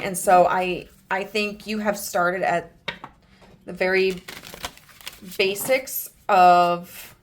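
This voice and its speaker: A woman's voice: on the low side, fairly even intonation, extremely slow, long pauses, a little hiss or hum. Earnest woman giving a tarot reading. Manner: gentle, earnest, with frequent fillers and restarts. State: emotional, near tears. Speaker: tarot reader. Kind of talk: pick-a-card tarot reading.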